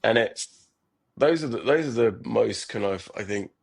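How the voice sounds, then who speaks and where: Low-pitched yet animated, with vocal fry and a breathy edge, this speaker talks a little slowly. He's a middle-aged startup founder guesting on a podcast, earnest and reflective in a conversational interview, and he often repeats words and begins his sentences again.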